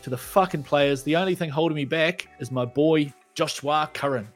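A man's voice: fairly high pitch, moderate pace, faint music behind. A man, co-hosting a casual sports podcast, ranting and swearing with heat. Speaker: podcast co-host.

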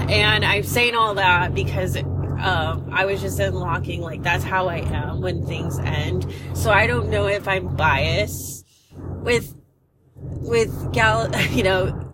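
A woman hosts a casual movie chat, talking slowly and rambling as she circles back with plenty of fillers. Loud car and road noise runs under her voice throughout. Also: on the low side. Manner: rambling, many fillers and restarts. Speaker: podcast host.

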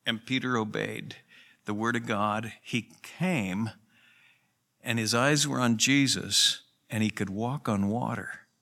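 A man's voice: lowish voice, steady tone, slow, creaky, bright, forceful tone. A pastor preaching a sermon in an earnest, conversational way, with emphatic rises in his voice. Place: church.

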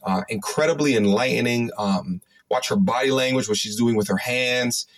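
A man's voice: mid-range voice, normal speed. A man hosting reaction commentary, speaking to his viewers with plenty of "um" fillers and a moralizing tone. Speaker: commentary host.

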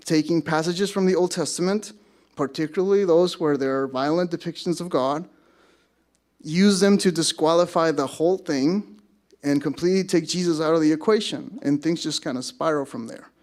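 A man's voice: fairly high pitch, normal speed, darkish tone. A man preaching a sermon to his congregation, conversational, with self-deprecating asides. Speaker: pastor. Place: church service.

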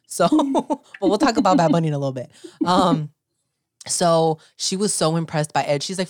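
A woman co-hosting a podcast in casual chat, talking in an animated, gushing way and filling her speech with "like", slipping into now and then. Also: on the low side, moderate pace, no room sound, studio quality. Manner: animated, gushing fan talk with filler "like". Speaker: podcast co-host.

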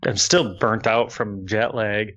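A man's voice: fairly low pitch, fairly even intonation, slow, a bit bright. A man in casual chat, telling an exasperated, swearing story about a bad drive.

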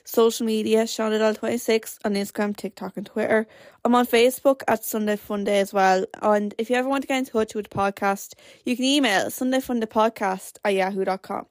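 A woman's voice: medium pitch, steady tone, a little fast, dry recording, studio quality. A young Irish woman in her late teens hosting a podcast, rambling through stories with lots of filler words. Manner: rambling storyteller, many "like" fillers. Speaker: podcast host. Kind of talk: casual chat.

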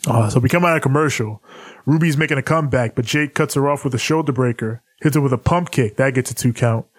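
A man co-hosting a casual podcast, giving a relaxed play-by-play wrestling recap with laughs. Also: medium pitch, fast, no room sound, studio quality. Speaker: podcast co-host.

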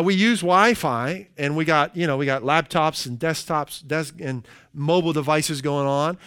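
Middle-aged man, pastor, sermon, emphatic slow phrasing, chatty asides, high voice, dry close sound. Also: fairly bright tone, clean tone, no room sound. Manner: slows down for emphasis, conversational asides.

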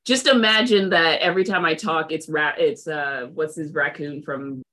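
A woman playing in a tabletop game, chatty and quick to laugh and joke. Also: low-pitched, sharp tone, poor audio. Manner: chatty, laughs easily, jokes. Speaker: player. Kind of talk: casual chat at a game table.

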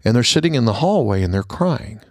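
Middle-aged man, gravelly voice, dry close sound, earnest storyteller, podcast host. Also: mid-range voice, sing-song, fairly quick, no room sound. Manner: earnest storyteller, drops to a hushed tone at sad moments. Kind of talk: personal story and holiday message.

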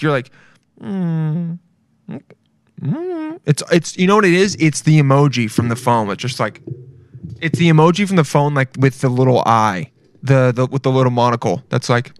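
A man's voice: medium pitch, brisk, smooth, no room sound. Man, twenties, solo podcast host, swearing, rambling, self-mocking, dry close sound. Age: 20s. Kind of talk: casual solo podcast rant. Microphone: podcast mic.

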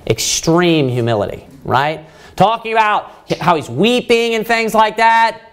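Fairly high-voiced man preaching a sermon. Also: lively intonation, measured pace, a bit bright, clean tone. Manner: rhetorical questions and emphatic repetition; many fillers of "you know" and restarts.

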